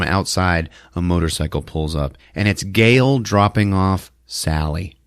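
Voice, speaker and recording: A man's voice: deep voice, takes it slowly, clear, resonant tone, no room sound, clean studio sound. A man hosting a podcast, recapping a movie in a casual way and acting out the lines in put-on voices with frequent laughter. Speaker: podcast host.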